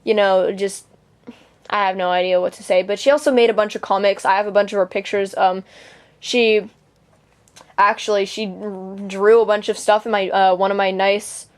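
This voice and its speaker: Her tone stays steady, her voice mid-range and her pace moderate as this teenage girl vlogger vents to camera. The story is personal and indignant, packed with swearing, fillers and restarts.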